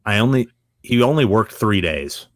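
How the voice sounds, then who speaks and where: A man guest on a podcast, telling casual stories with lively acted-out dialogue and frequent laughter. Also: on the low side, moderate pace, no room sound, studio quality. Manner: animated storyteller who acts out quoted dialogue. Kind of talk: casual anecdote storytelling.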